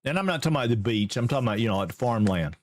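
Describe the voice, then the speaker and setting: This live game streamer from Georgia, USA, races through casual, upbeat chat in a Southern American accent, greeting viewers with plenty of excitement. His voice is medium in pitch.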